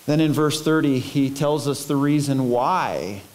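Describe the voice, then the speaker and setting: A man preaching a sermon, impassioned and pleading, with dramatic pauses. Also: mid-range voice, darkish tone. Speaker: pastor.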